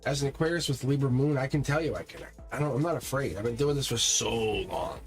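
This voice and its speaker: Faint music underscores a live tarot reading from a fast-talking man with a medium-pitched voice. He is energetic and emphatic, aiming his words directly at his viewers.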